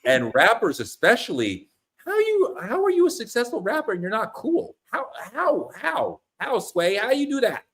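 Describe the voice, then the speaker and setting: A man's voice: high voice, huge pitch swings, moderate pace, a bit bright. A man who is a guest in a casual podcast chat, arguing his points emphatically and with passion.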